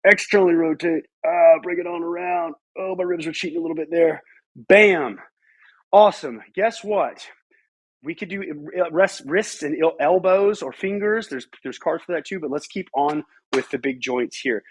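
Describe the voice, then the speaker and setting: A man coaching a guided mobility routine, calling out repetitive energetic cues. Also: a little high, normal speed. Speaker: fitness coach. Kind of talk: guided exercise instruction.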